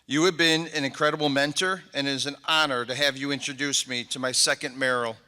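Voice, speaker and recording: A man's voice: mid-range voice, fairly even intonation, a little fast, sharp tone, clean tone. A middle-aged man, a mayor, giving a heartfelt and emotional inauguration speech, thanking people one by one. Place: large convention hall. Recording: echoey convention hall.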